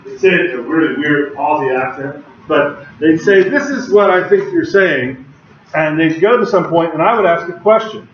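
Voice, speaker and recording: A man lecturing a university class in a relaxed, chatty manner, his slightly raised voice bouncing around a very echoey lecture hall. He sounds far from the microphone, and the recording is dull and lo-fi with a faint hum behind him. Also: fairly high pitch. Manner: casual, conversational, chatty with asides.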